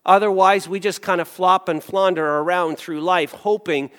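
Animated high-voiced male preacher. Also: moderate pace, hardly any pauses, clear, resonant tone, in a large hall. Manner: animated storytelling, acts out voices. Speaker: pastor. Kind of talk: sermon.

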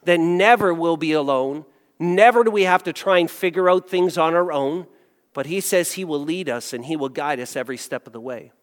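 A man preaching a sermon as a pastor, telling a story with animated acted-out voices. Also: a little high, moderate pace, big-room sound.

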